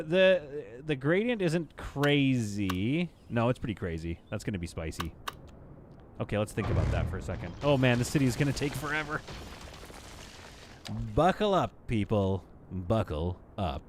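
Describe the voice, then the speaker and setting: Streaming himself building in a game, a man speaks briskly and with animation in a medium pitch. He chats to his audience and to the game itself, tossing out playful remarks. There's a slight hiss or hum.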